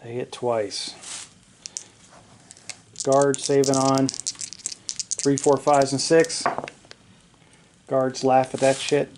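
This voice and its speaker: A man narrating his own tabletop wargame in a casual play-by-play, excitable, joking and swearing at his dice rolls, recorded in a home basement. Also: mid-range voice, very slow, long pauses, a little hiss or hum. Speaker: wargaming hobbyist narrating a battle report.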